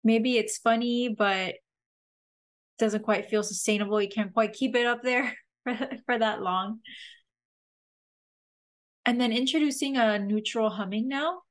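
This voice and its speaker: A woman hosting a podcast, slowly and gently guiding listeners through a breathing and humming exercise. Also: on the high side. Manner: gentle, slow guiding instructions with soft laughs. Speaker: podcast host leading a somatic exercise.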